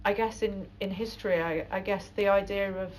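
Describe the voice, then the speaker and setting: A woman's voice: mid-range voice, fairly even intonation, brisk, slight background noise, rough recording. A woman interviewing, asking thoughtful, probing questions. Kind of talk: conversational interview.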